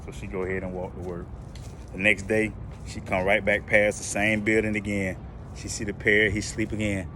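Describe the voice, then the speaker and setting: A man casually telling a joke in a relaxed, colloquial way, recorded outdoors near traffic. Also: on the low side, moderate pace. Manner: relaxed, colloquial, lively delivery. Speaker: joke teller. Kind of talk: casual storytelling.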